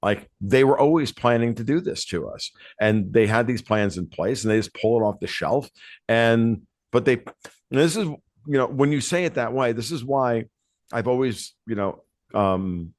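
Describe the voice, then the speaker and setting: A man hosting a podcast, talking in a rambling, animated way that keeps circling back on itself. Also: medium pitch, normal speed, no echo, studio quality. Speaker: podcast host. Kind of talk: casual podcast conversation.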